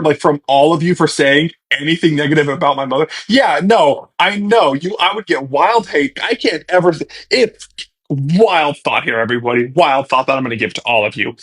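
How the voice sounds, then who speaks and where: A young man in his twenties talks casually to his followers, his voice sitting a bit higher than most men's. He rambles, wanders off on tangents and keeps restarting his sentences. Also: a bit bright, husky. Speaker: social media personality answering followers. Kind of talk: casual chat straight to followers.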